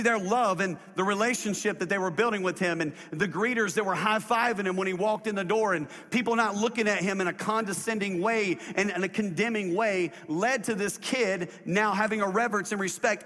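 A man preaching a sermon as a pastor, telling a story in an emphatic, lively way in a church. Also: high voice. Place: church sanctuary. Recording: long hall reverb.

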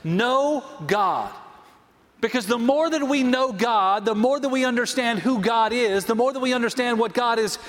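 A man preaching a sermon, telling a story and stressing key phrases slowly. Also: very high-pitched, fairly bright tone, in a large hall. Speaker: pastor.

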